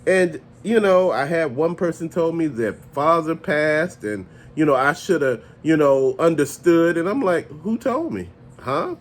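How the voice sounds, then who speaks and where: A man hosting a casual vlog, ranting in an animated, profane, conversational way and often laughing as he talks. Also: on the high side, a little slow, hardly any pauses. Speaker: toy channel host.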